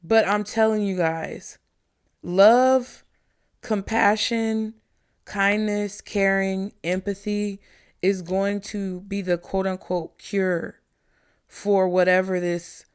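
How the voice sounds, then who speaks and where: At home indoors, a woman vlogger gives a casual spiritual talk, chattily calling her viewers "y'all" and "child." Her mid-range voice has a clean tone, and she speaks in a slow, drawn-out way.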